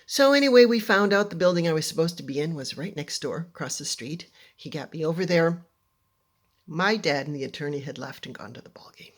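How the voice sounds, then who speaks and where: Husky woman telling a dramatic story. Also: deep voice, a little fast. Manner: animated and dramatic, drops into hushed near-whispers. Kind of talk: personal story told to an audience.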